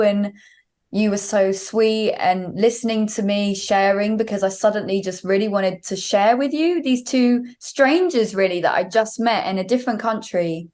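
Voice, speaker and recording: A young woman guest talks at length and wanders through her story. She leans on fillers and restarts, and her voice sits at a middle pitch. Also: a little mellow. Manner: rambling storyteller, many fillers and likes. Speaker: guest singer. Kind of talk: casual interview chat.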